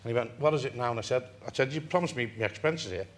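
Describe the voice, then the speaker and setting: An older man from England, a talk-show guest telling a long story in an animated way and laughing through it. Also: mid-range voice, very fast. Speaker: interview guest. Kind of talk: anecdotal storytelling.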